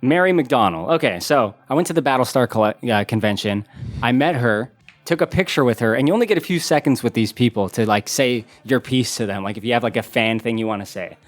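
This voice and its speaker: A man's voice: medium pitch, lively intonation, fast, faint music behind. Chatty man hosting a trivia game. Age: 30s. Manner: chatty, laughs easily, reads clues aloud. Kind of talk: casual podcast chat. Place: in-person podcast studio.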